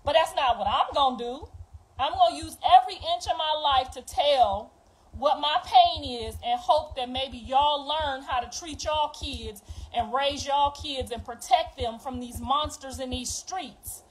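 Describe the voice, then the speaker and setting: A middle-aged woman, talking straight to viewers in a raw, profane, confessional monologue that swings from quiet to loud. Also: high-pitched, measured pace, rough recording. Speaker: mother speaking out.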